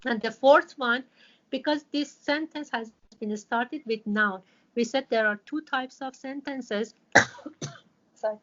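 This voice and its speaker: A woman's voice: fairly high pitch, slow, fairly bright tone, dull audio. A woman who teaches an online Quran class and explains patiently, with many fillers and restarts.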